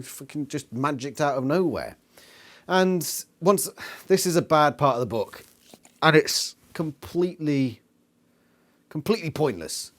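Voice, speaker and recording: A man reviewing a book in a casual vlog, sweary, sarcastic and exasperated. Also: a little high.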